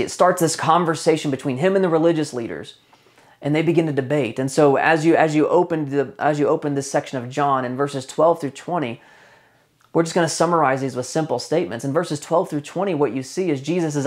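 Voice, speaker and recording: A man delivering a sermon in a conversational, teaching manner. His voice sits at an ordinary middle pitch. He often slows down to stress a point and repeats key phrases for weight. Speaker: pastor.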